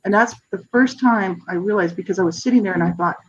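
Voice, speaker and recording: A woman's voice: medium pitch, quick pace, lo-fi sound, a little hiss or hum. A woman in her fifties, a guest on a radio interview, earnestly telling her personal story with frequent restarts and asides. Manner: earnest, searching, frequent restarts and "you know, right?". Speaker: interview guest, author and advocate.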